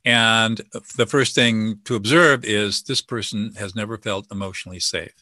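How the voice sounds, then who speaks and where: A man with a bright, forceful voice lays out his methods in a confident, teaching manner. The sound is dry and close, with no room around it. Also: lowish voice, steady tone, moderate pace, no echo. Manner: confident, teaching, acts out sample dialogue. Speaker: guest expert on listening and de-escalation. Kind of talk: explanatory interview talk.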